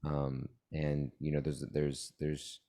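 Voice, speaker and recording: A man with a very low voice, co-hosting a relaxed podcast chat. He jokes easily with his friends and steers the discussion along. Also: takes it slowly. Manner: easygoing, joking, leads the reading. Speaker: podcast co-host.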